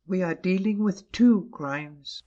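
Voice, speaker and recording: An actor playing Father Brown, a calm and shrewd priest who explains things in a measured way, in a full-cast audiobook. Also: high voice. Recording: muffled lo-fi recording.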